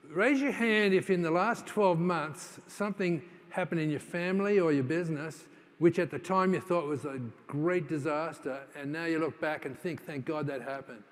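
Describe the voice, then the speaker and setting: A man's voice: on the high side, normal speed. A man giving a conference keynote, telling stories in a conversational way with many fillers and restarts, now and then acting out what people said. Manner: acts out quoted dialogue in his stories. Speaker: keynote speaker. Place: large conference hall. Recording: long hall reverb.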